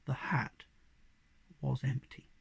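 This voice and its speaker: A reader giving an expressive storybook reading aloud. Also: medium pitch, takes it slowly, gravelly, breathy edge. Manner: expressive, varied delivery.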